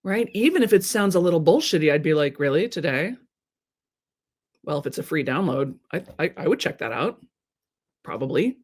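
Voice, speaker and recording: A woman's voice: low voice, very animated, fairly quick, darkish tone. A woman coach giving a live talk to her audience, playful and teasing, often checking in with "right?" and acting out people in mock voices. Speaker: creativity and marketing coach.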